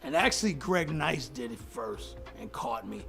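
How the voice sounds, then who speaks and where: A man's voice: fairly high pitch, expressive, moderate pace, vocal fry, fairly bright tone, soft background music. A middle-aged man telling a studio story in an interview clip, acting out quotes in a raised voice and laughing often. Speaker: hip-hop producer telling a studio story.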